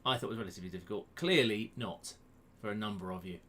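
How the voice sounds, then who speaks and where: Speaking fast with a lowish, fairly bright voice, a man hosts a quiz live from a room in his home. He's chatty and pokes fun at himself while greeting viewers by name, his webcam close to his face for this casual live-stream chat.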